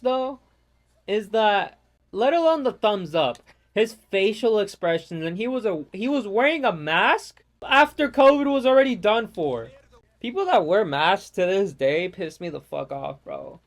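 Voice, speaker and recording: High-pitched dude rambling and cussing over gameplay, blunt casual rant. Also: male voice, animated, unhurried. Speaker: gaming vlogger.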